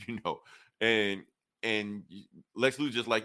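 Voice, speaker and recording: A lower-voiced man chats casually about comics, rattling through the story and slipping into quick voices for each character. His talk is loose, full of fillers and asides to his co-host. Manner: animated retelling that acts out characters' lines in quick quoted snippets. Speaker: podcast co-host reviewing comics. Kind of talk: casual comic review chat, retelling plot.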